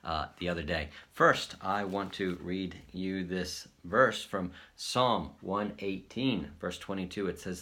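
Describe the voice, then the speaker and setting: A man's voice: deep voice, unhurried, hardly any pauses. A man hosting his channel, casually telling a story to camera and acting out the dialogue. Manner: animated retelling, acts out quoted dialogue. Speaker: host.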